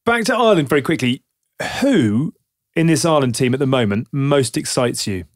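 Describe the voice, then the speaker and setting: A man's voice: mid-range voice, animated, a little fast, no echo, clean studio sound. A man co-hosting a podcast, playfully teasing guests and steering the conversation with questions. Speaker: podcast co-host. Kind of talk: casual chat, asking questions.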